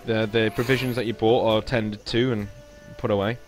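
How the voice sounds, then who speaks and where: A man's voice: fairly low pitch, level tone, moderate pace. A man running a tabletop game as game master, telling the scene with many fillers and restarts. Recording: faint music behind.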